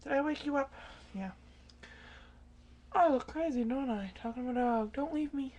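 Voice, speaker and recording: Teen girl, webcam vlog, hushed late-night chatter, a touch high-pitched. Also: moderate pace. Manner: hushed, half-whispered late-night talk, swearing. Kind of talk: casual webcam chat to her dog. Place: home at night.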